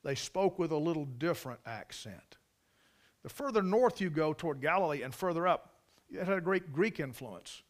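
A man's voice: a little high, expressive, moderate pace. A man with a Carolina Southern accent preaching a folksy sermon to a church congregation, telling stories with emphatic asides. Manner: drawling, storytelling, emphatic asides. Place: church service.

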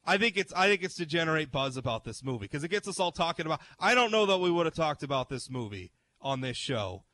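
A man's voice: fairly high pitch, sing-song, quick pace, sharp tone, dry recording. A man hosting a talk show, chatting casually about the news with frequent restarts and reading articles aloud. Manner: chatty, self-interrupting, reads articles aloud. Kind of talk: casual opinion chat.

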